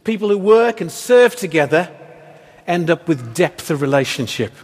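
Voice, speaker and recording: Guy preaching a sermon, chatty and wry, pretty high voice, big echoey church sound. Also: big pitch swings, moderate pace, slightly rough. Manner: conversational, wry preaching with rhetorical questions. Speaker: pastor. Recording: echoey hall reverb.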